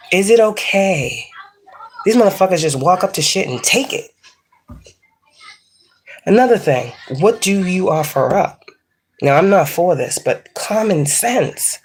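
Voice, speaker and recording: A woman giving a casual tarot reading and ranting at viewers in a blunt, heavily profane, scolding way. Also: sits low. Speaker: psychic tarot reader. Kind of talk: casual spiritual reading rant.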